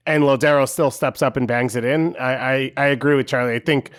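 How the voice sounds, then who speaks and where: A man co-hosting a soccer podcast, giving measured, analytical opinions. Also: mid-range voice, steady tone. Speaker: podcast co-host.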